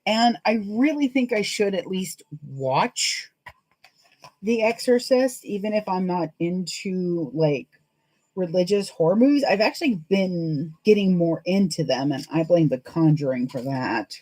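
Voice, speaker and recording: A woman with a somewhat low voice chats on a sewing livestream. She rambles from one thought to the next and laughs often as she works. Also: expressive, unhurried, dark tone, low-quality recording. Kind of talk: casual chat while sewing live.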